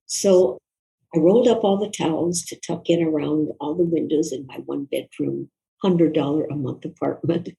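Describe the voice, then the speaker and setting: An older woman, a guest author, recalling a personal story in an interview in a reflective, soft-spoken, earnest way. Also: sits low, moderate pace, creaky, poor audio.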